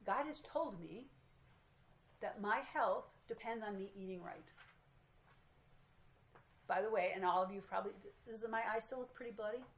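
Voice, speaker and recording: A woman's voice: mid-range voice, normal speed, long pauses, rough recording. A woman teaching a small group in a casual, self-deprecating way, recorded in a meeting room. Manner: chatty, self-deprecating storytelling. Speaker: Bible study teacher.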